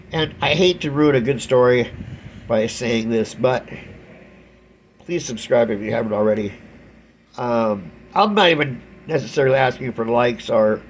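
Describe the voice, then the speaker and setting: A middle-aged man vlogging, retelling a story in a rambling, animated way and acting out the other people's lines. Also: mid-range voice, slight background noise. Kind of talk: casual storytelling to camera.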